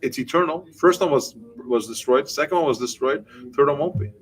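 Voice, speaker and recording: A rabbi giving a Torah class to a group, animated and explaining through questions and answers. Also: male voice, mid-range voice, fairly quick, low-quality recording.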